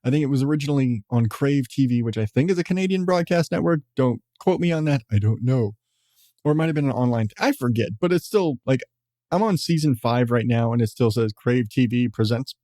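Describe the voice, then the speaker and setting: A man's voice: mid-range voice, animated, fairly quick, mellow, dry recording, studio quality. A man hosting a podcast, talking in a rambling, casual way with frequent swearing and chuckles. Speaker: podcast host. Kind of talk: casual chat.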